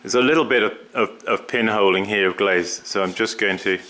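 Bright-toned man demonstrating pottery glazing. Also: fairly low pitch. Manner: halting, repeats words, talks while working. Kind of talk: casual workshop demonstration.

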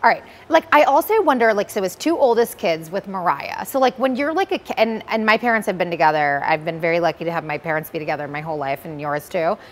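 A woman co-hosting a podcast in casual chat, asking lots of questions and reacting quickly to her partner. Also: fairly low pitch, animated, slight background noise. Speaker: podcast co-host.

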